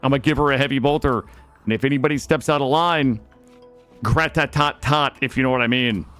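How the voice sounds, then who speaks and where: A man's voice: medium pitch, fast talker, fairly bright tone, clean tone, soft background music. A young man streaming a game, chatting playfully with his viewers and swearing casually. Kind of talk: casual gaming stream chat.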